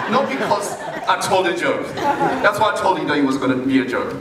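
A man preaching a sermon as pastor, deliberate and playful, chuckling as he makes his points. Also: high voice, sing-song, a loud crowd. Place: large church hall. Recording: very echoey hall, mic far off.

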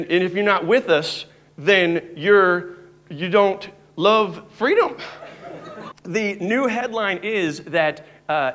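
High-voiced American stand-up comic. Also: male voice. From United States. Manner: animated, slips into mock voices and Dutch phrases. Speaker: stand-up comedian. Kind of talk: live stand-up comedy. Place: theater stage before a laughing audience.

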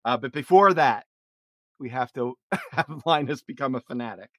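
A middle-aged man hosting a podcast, narrating comic strips aloud in an animated way. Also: medium pitch, moderate pace, dry recording, clean studio sound. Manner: animated narration, frequent laughs. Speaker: podcast host.

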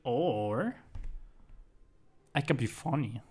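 Young male streamer with a bouncy, animated voice who jokes and curses through live play. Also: mid-range voice, drawn-out words, breathy edge. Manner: excitable, swears often, jokey. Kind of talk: live gameplay commentary.

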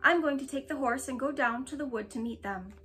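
A woman reading aloud, voicing a calm, sensible middle-aged farm wife who speaks eagerly and matter-of-factly. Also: high voice, fairly quick.

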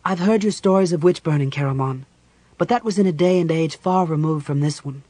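Man doing a dignified female cleric, measured, slightly raised pitch, dry read. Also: warm tone, no room sound, natural voice. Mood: composed. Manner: measured, formal.

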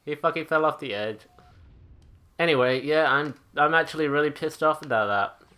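A man as a gaming channel host, ranting over his gameplay in a bright, forceful voice. His speech is profane and exasperated, swinging between griping and outbursts. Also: on the high side, normal speed, clean tone. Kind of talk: angry gameplay rant.

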